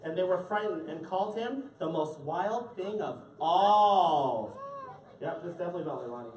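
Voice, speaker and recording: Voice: medium pitch, expressive, normal speed, darkish tone, a little hiss or hum. A drag queen reading a picture book aloud to children, with playful joking asides to the audience. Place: indoor event space with a family audience. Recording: echoey room, far from the mic, crowd.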